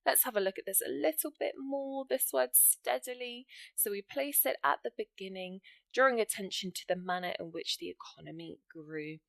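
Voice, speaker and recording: A woman's voice: medium pitch, moderate pace, gravelly, a bit bright, dry recording. Woman english teacher going thru example sentences, dry close sound, encouraging. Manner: encouraging, talks through examples step by step. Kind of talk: explaining writing exam grammar.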